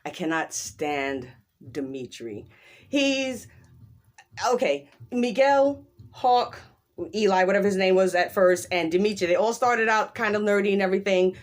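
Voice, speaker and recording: A woman talking casually through a show recap, with a mid-range voice. She is animated and emphatic, slipping into quick quoted voices and laughing often. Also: medium pitch. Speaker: show reviewer.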